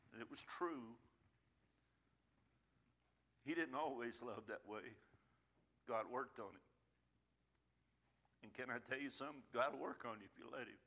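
A middle-aged man preaching a sermon as pastor, folksy and repetitive, swinging from hushed pleading to loud emphatic lines. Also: mid-range voice. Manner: folksy, repeats phrases for emphasis.

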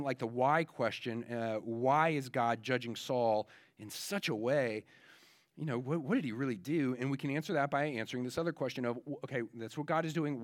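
A pastor preaching a conversational sermon in a casual way, with frequent fillers and restarts. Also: male voice, mid-range voice.

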